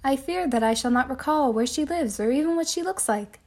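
A woman's voice: sits high, animated, a little fast, darkish tone. A woman voicing a polite, prim little girl in a red hood in a bedtime storybook reading. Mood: polite, eager. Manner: prim, well-mannered speech.

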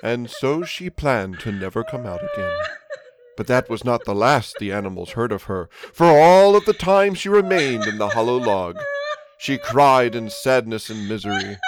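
A man's voice: medium pitch, very animated, unhurried, background noise. Man narrating a mock-innocent fairy tale. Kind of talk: comic adult storybook narration.

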